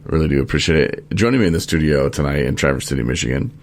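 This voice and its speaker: A man's voice: very deep voice, animated, very fast. A man hosting a podcast in a studio, chatting casually and rambling with many fillers and restarts. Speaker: podcast host.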